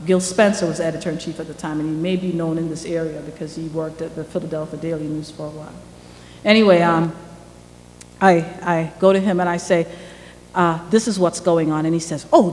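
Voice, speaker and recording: Woman telling a story in an echoey hall. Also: on the low side. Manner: lively storyteller who acts out quoted dialogue. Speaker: guest lecturer, former newspaper reporter. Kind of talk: first-person storytelling lecture. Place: lecture hall. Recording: echoey hall with faint background noise.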